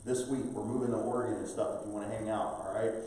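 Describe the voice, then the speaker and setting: Middle-aged pastor in a roomy church. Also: male voice, fairly low pitch, steady tone, quick pace, mellow. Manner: conversational storytelling with the congregation. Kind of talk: sermon. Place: church sanctuary. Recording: roomy church hall, from far off.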